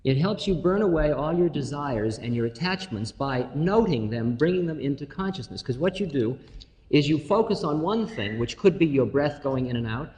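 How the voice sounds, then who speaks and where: A man giving an informal spiritual talk to an audience, telling stories with humor and slow, drawn-out phrases. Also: a little high, expressive, a little mellow. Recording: reverberant hall, faint noise.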